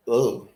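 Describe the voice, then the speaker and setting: A man's voice: a little high, dark tone, echoey room. A man hosting a casual livestream, rambling and laughing as he reacts to chat comments. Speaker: livestream host.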